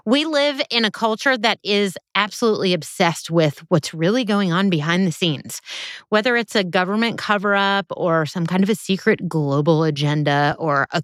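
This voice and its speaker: A woman's voice: on the low side, a bit bright, no echo, studio quality. A woman hosting a podcast as a biblical counselor, speaking in a direct, emphatic, teacherly monologue.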